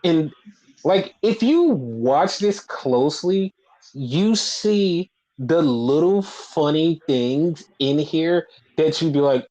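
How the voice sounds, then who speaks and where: Animated, cursing man on a podcast. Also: fairly high pitch, takes it slowly. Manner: animated, profane, acts out quoted voices. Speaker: podcast co-host. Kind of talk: casual wrestling podcast chat. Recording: muffled lo-fi audio.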